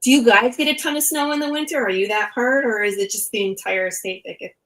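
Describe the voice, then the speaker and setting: A woman's voice: on the high side, fast talker, fairly bright tone, rough recording. Chatty Midwestern woman hosting. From Michigan. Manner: chatty, laughs often. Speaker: podcast host. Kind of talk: casual chat.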